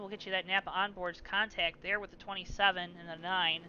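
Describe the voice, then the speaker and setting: A man calling a simulated stock car race as play-by-play commentator, lively with joking asides. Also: high voice, a little fast, few pauses, dull audio, slight background noise. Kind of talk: sim racing commentary.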